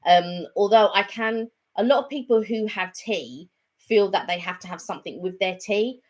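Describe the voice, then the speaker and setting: A woman's voice: medium pitch, normal speed. A woman co-hosting a casual live chat, rambling along with lots of fillers and restarts.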